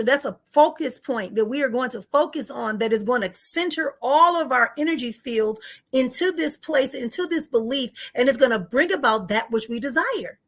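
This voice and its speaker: A woman's voice: high-pitched, fairly bright tone. A woman giving a live spiritual teaching, talking straight to her listeners in an emphatic way, repeating key phrases and picking up speed when she gets heated. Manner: addresses listeners directly and informally.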